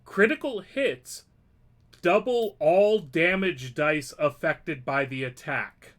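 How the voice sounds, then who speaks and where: A man's voice: fairly high pitch, slow pace, a bit bright. A man narrating a tabletop game as dungeon master, playful and profane, often laughing as he describes the action.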